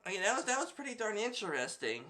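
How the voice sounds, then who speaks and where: A streamer talks over videos in loose, rambling commentary, full of fillers and little laughs. The tone is bright and sharp at a middling pitch. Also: big pitch swings, quick pace. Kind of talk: casual reaction commentary.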